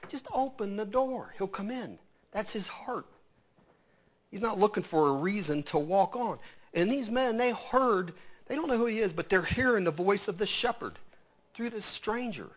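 A preacher man with a somewhat high voice, delivering an animated sermon. He swings from loud, emphatic bursts down to hushed asides. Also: normal speed.

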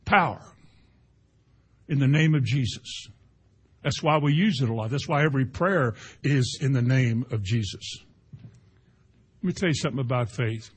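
A man preaching a sermon in a conversational style, swinging between emphatic and hushed delivery. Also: medium pitch, moderate pace, long pauses, husky. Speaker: pastor.

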